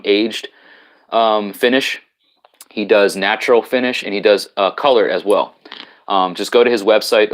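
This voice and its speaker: A man with a lowish voice hosts a casual live stream from home, talking into his laptop. He rambles loosely, stumbling through fillers and restarts as he greets viewers and reads out their comments.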